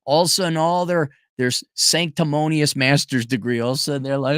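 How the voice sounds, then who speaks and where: A man's voice: a little high, animated, fast talker, few pauses, a bit bright, dry recording, clean studio sound. A man hosting a casual livestream who reads out viewer donations and answers them in a blunt, sarcastic and profane way. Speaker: show host reading viewer donations.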